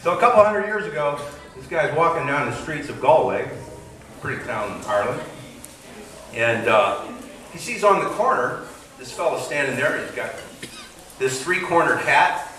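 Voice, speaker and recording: A man tells jokes live on stage in an animated way, slipping into character voices. His voice is bright and high with lively swoops. He is heard from far off in a very echoey hall with faint noise behind. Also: moderate pace, pauses often. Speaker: joke teller. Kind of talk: live stand-up joke telling. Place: stage at a variety show in a hall.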